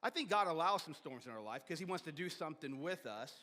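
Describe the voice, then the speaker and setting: A man preaching a sermon as pastor, animated, with sudden shouts and soft drops, often repeating and restarting words. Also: on the high side, quick pace. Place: church sanctuary. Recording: long hall reverb of a church sanctuary.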